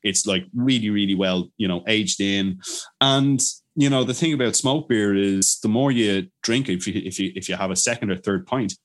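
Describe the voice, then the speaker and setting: A man's voice: lowish voice, normal speed. A man as a guest in a podcast interview, telling stories eagerly, with many fillers and restarts. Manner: enthusiastic storyteller, many fillers and restarts, animated quoted voices. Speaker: brewery owner, guest. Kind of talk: casual interview chat.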